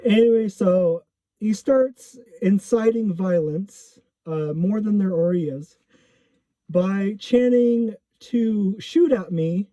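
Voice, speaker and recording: A man's voice: sits high, slow, warm tone, no room sound. A man casually telling a personal story, rambling with lots of fillers and self-corrections. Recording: dull lo-fi recording.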